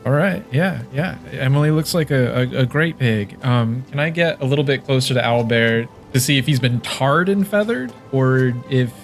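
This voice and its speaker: A man's voice: medium pitch, moderate pace, hardly any pauses, soft background music. A man playing a character in a tabletop role-playing game, talking in a hesitant, stammering way. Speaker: player.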